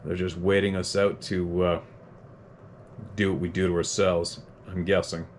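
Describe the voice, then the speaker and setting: A man's voice: deep voice, flat delivery, unhurried, a little hiss or hum. A man from Canada, hosting a podcast and reading listener letters, talking bluntly and with plenty of swearing in a heated, unscripted monologue. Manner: blunt, profane, heated ranting; self-deprecating chuckles.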